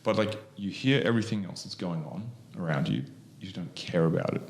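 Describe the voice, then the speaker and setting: An Australian man co-hosts a podcast, explaining hypnosis in loose, rambling chat full of fillers and restarts. His voice sits low and sounds animated and fairly quick.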